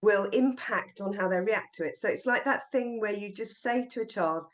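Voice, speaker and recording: A middle-aged woman, a teacher trainer, being interviewed on a podcast and telling classroom stories in a lively way. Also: mid-range voice, normal speed. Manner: lively storyteller acting out classroom voices.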